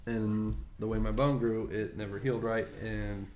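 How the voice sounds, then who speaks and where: A man's voice: fairly low pitch, flat delivery, normal speed, a little mellow, a little hiss or hum. A man chatting casually on a podcast, offhand and curious. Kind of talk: casual chat.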